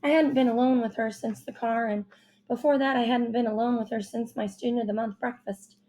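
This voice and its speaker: A woman reading a first-person children's novel aloud with expressive, youthful storytelling. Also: fairly high pitch, brisk. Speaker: audiobook narrator.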